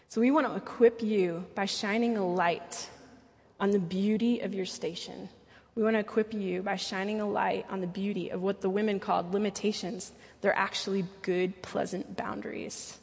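Husky woman preaching in an echoey hall. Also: medium pitch, fairly even intonation, moderate pace, a little mellow. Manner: earnest and personal, with playful asides. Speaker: church speaker. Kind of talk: sermon.

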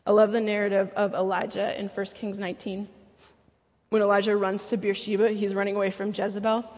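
Husky woman preaching in an echoey hall. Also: mid-range voice, flat delivery, fairly quick, darkish tone. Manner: earnest and personal, with playful asides. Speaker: church speaker. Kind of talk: sermon.

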